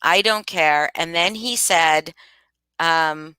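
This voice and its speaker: Emphatic woman streamer, bright crisp voice. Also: deep voice, slow, no echo. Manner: emphatic, repeats herself, frequent restarts. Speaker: livestream commentator. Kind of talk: casual commentary to live chat. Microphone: home streaming mic.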